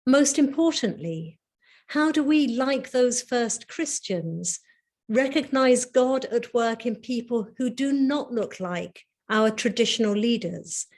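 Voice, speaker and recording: A middle-aged woman with a slightly high voice gives a prepared lecture. She speaks in a measured, reflective way and builds her points through rhetorical questions. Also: a little mellow. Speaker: lecturer, Anglican priest and dean.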